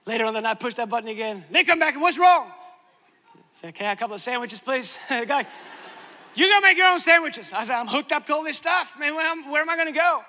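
With lively, theatrical delivery, a male preacher recounts a comic story about himself as part of a sermon, talking fast. His voice is pitched very high and sounds strikingly bright and sharp. It echoes with the long reverberation of a large hall.

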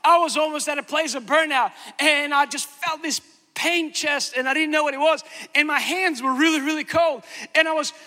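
A man preaching a sermon, telling a comic story about himself in an animated, dramatic, self-mocking way. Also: extremely high pitch, moderate pace. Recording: long hall reverb.

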